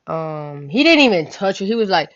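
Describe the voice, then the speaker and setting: A woman's voice: fairly low pitch, very animated, normal speed, highs cut off. A young woman vlogger telling a story casually, profane and rambling, often asking "you know what I'm saying". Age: young adult.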